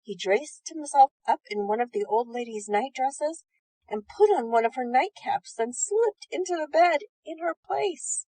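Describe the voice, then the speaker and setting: A woman reading bedtime stories aloud in a gentle, soothing manner. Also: sits high, expressive, measured pace, husky, rough recording. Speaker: storyteller.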